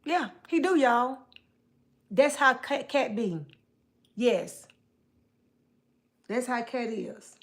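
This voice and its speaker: A woman's voice: a little high, lively intonation, drawn-out words, long pauses. A woman, talking loosely to her livestream viewers. She teases people playfully, repeats herself for emphasis and drifts from one aside to the next. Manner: playful teasing, repeats phrases, loose colloquial speech. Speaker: livestream host. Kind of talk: casual livestream chat with viewers.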